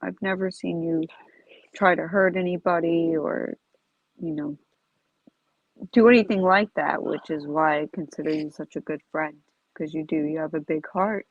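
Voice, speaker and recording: A woman co-hosting a live stream, gently reassuring a grieving friend. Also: low-pitched, fairly even intonation, moderate pace, no echo. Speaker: co-host. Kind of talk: supportive live-stream chat. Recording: dull lo-fi stream audio.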